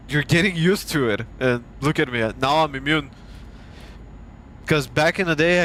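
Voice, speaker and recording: A man's voice: mid-range voice, fairly bright tone, a little hiss or hum. Profane ranting young man from Bulgaria. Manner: heated, profane, mocking. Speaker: streamer. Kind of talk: casual profane rant.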